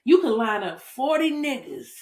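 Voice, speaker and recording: A woman's voice: a little high, sing-song, moderate pace, darkish tone. A woman hosting a podcast, talking candidly and bluntly, with frequent swearing and open emotion. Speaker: podcast host. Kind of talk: candid casual chat.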